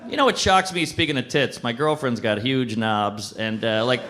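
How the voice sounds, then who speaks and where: A man's voice: medium pitch, moderate pace, a bit bright, a little hiss or hum. A man performing stand-up comedy, delivering crude punchlines with filler words.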